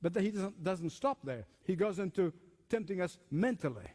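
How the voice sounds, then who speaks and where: A male pastor preaches in an emphatic, conversational way and leans on repetition. His voice sits high and moves up and down a lot. It rings out with a long reverb in a church hall. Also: lively intonation, normal speed, darkish tone. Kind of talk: sermon.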